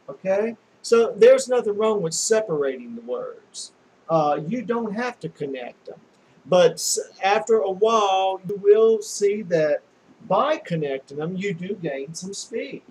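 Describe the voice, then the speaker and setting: A man giving a demonstration lesson on shorthand, talking slowly and patiently, often spelling words out letter by letter, with frequent pauses and restarts. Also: sits high, darkish tone, a little hiss or hum, rough recording. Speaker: shorthand teacher.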